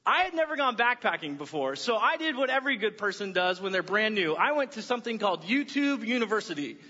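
High bright-voiced pastor, echoey hall. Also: male voice, quick pace. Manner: animated storytelling, acts out voices. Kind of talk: sermon with personal story. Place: church auditorium. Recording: muffled echoey church hall.

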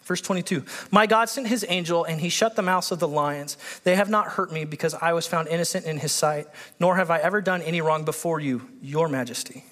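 A man preaching a sermon, reading scripture aloud and breaking off into excited commentary. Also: fairly high pitch, a little fast, big-room sound. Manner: animated, excitable, acts out biblical characters with voice shifts. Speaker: pastor.

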